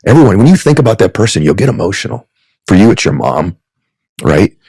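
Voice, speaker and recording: A man in his fifties speaks as a podcast guest with a gravelly, slightly husky voice. His pitch swings widely as he tells heartfelt stories in an earnest, sermon-like manner, and the sound is close and dry. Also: sing-song, a little fast, a little mellow, dry recording. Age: 50s. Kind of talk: heartfelt storytelling.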